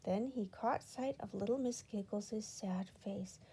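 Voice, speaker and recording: A woman reading a children's storybook aloud in an expressive, unhurried way. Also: medium pitch, slightly rough. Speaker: children's book reader.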